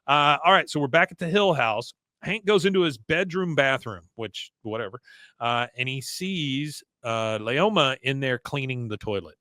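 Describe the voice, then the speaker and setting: A man's voice: medium pitch, lively intonation, normal speed, sharp tone, dry recording. A man hosting a podcast, casually recapping a cartoon episode scene by scene and acting out the quotes. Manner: laid-back storytelling, acts out quotes. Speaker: podcast host.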